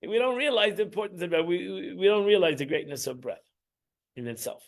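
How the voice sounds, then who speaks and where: A man's voice: sits high, expressive, fairly quick, gravelly. A man, teaching an informal Torah class in a rambling, emphatic way, restarting and repeating himself.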